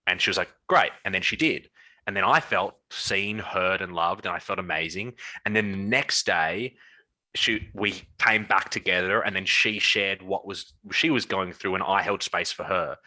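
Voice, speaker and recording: Young guy coach chatting on a podcast, low pitch, restarts a lot, earnest. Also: moderate pace, low-quality recording. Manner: earnest, animated storytelling with many restarts. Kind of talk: casual chat.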